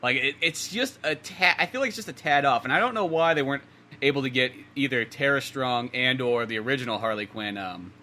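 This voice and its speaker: A man co-hosting a casual podcast, talking very quickly as he rambles through his opinions, often trailing off and starting again. His voice is bright and crisp at a middling pitch, with a faint background noise under it. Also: expressive. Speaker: podcast co-host. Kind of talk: casual movie review chat.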